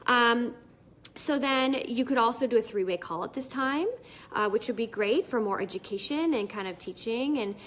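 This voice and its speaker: A woman's voice: fairly high pitch, moderate pace, fairly bright tone. A woman giving casual direct-sales advice in a live video, chatty and plain-spoken with many fillers.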